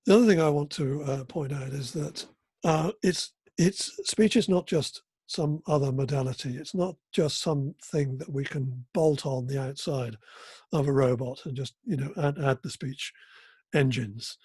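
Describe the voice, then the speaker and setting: Husky older man giving a keynote. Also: mid-range voice, a little mellow, no room sound. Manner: halting, with frequent fillers and restarts. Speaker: keynote speaker. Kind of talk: academic conference keynote.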